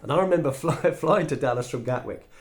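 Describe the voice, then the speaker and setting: A man's voice: medium pitch, brisk. A man with an English accent telling a personal story as a monologue, acting out the dialogue he quotes. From England. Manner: animated, acts out quoted dialogue. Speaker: speaker sharing his story.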